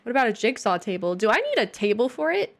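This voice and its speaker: Her voice a little high and sing-song, a woman talks fast while live-streaming a building game. She's chatty and playful, reacting to viewers in casual conversation as faint game music plays.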